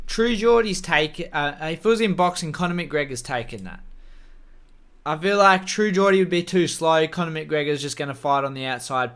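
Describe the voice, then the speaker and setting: A man's voice: a little high, fairly bright tone. A man talking casually to camera, giving opinionated, rambling takes on fights and swearing freely. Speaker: MMA commentary YouTuber.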